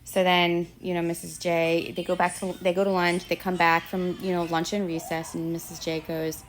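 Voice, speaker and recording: A woman retelling a story about her child's school day in a casual, rambling way, full of fillers and quick turns into quoted voices. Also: fairly low pitch, flat delivery. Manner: chatty, rambling retelling full of "you know" and "like"; slips into quoted voices for others. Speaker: parent telling a school story.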